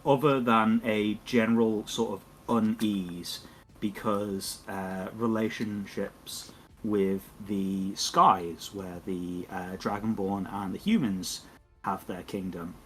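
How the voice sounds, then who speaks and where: A man's voice: fairly low pitch, takes it slowly, fairly bright tone, soft background music. A man running a tabletop game as game master, narrating in a meandering way and searching for words.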